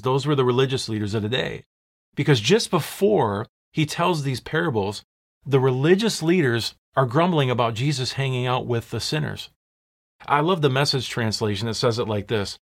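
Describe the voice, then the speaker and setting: A man preaching a sermon as a pastor, emphatic, posing rhetorical questions and slowing down to stress key words. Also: mid-range voice.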